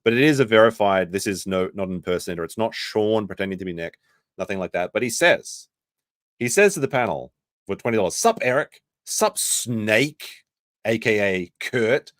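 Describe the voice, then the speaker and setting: Brief: lowish male commentator, lively swinging delivery, dry close sound, rambling and self-correcting. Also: fast talker, no echo. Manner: rambling, self-correcting, mimics people he quotes. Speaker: commentary streamer. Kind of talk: casual live commentary.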